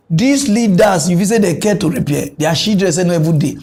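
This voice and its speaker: A man's voice: high-pitched, brisk, few pauses. A young man with a Nigerian Pidgin accent hosting a comic mock news show, ranting with frequent chuckles. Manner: animated ranting, chuckles often.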